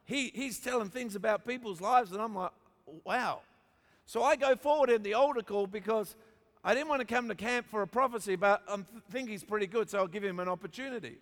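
A man's voice: high-pitched, fast talker. A man with an Australian accent preaching a sermon, telling funny stories from his youth and building up with emphatic repetition. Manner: storytelling with humor, emphatic repetition. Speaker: pastor. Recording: long hall reverb.

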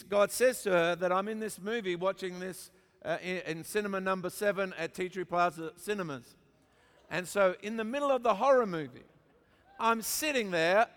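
A middle-aged man with an Australian accent, preaching a sermon as an animated storyteller who jokes with his congregation. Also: high-pitched. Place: large church auditorium. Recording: long hall reverb.

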